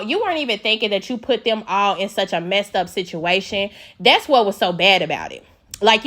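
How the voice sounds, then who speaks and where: A woman's voice: medium pitch, a bit bright. A woman giving a blunt, opinionated and sassy recap of a reality TV show in casual slang.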